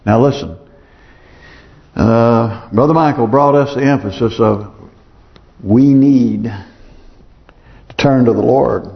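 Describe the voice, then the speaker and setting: A man's voice: mid-range voice, creaky. A man preaching as pastor in a church, earnest and pleading, repeating phrases for emphasis. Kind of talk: sermon. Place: church sanctuary. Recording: dull sound with long hall reverb.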